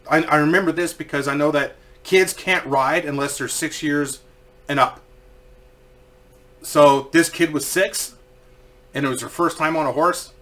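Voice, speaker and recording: A man casually telling a story, swearing freely and acting out what people said. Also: on the high side. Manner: profane, animated, acts out quoted voices.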